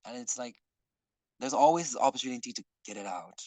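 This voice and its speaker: A man leading an online workshop in casual talk, earnest and rambling, often clearing his throat. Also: mid-range voice, lively intonation, a little fast, warm tone, no echo, low-quality recording. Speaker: workshop facilitator. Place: online video call.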